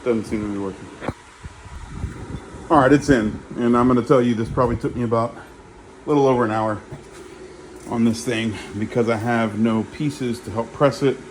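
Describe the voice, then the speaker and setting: A man's voice: mid-range voice, fairly even intonation, normal speed, long pauses, background noise. A man casually narrating his own repair work in a home garage, thinking aloud as he goes with plenty of fillers. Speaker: DIY vehicle repair vlogger. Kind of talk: casual how-to narration while working.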